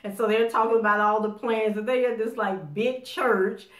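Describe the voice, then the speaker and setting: A woman giving a casual spoken recap of a TV episode, animated as she acts out the characters' lines. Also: a little high, moderate pace. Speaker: TV show recapper. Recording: roomy echo.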